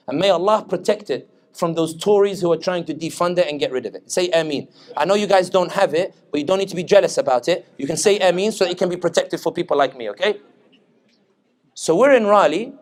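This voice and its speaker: Male guest speaker, British accent, joking and anecdotal, slightly high voice. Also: brisk. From Tunisia. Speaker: political analyst, guest speaker. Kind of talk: humorous public talk. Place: Islamic center hall.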